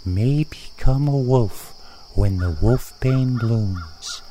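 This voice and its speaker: A man's voice: medium pitch, mellow, slight background noise. Man putting on a teasing, spooky wife. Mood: solemn. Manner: slow, solemn intoning.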